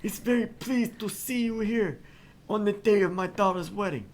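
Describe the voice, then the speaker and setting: A man voicing an old mob boss with a put-on Italian-American accent, slow and exaggerated in his threats. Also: high-pitched, a little hiss or hum, voice pushed up, close to an everyday voice. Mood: menacing.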